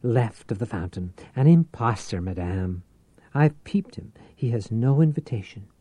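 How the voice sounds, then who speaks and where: A man voicing a fussy male social secretary who lisps and speaks in a discreet, formal hush. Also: on the low side, lively intonation, a little slow, dry recording. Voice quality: lisp, hushed whisper.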